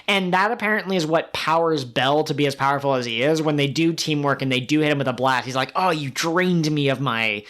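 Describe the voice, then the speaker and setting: A man's voice: fairly high pitch, brisk, hardly any pauses. A man co-hosting a podcast, recapping anime episodes in casual chat and acting out the characters' lines as he goes. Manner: animated retelling with quoted character lines. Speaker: podcast co-host.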